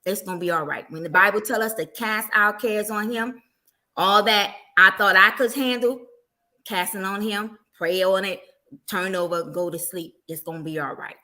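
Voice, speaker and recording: Brief: middle-aged woman evangelist, bright, clear tone, lively storyteller talking about faith and family. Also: mid-range voice, normal speed. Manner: animated storytelling, acting out everyday quotes. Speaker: guest evangelist. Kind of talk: casual faith testimony.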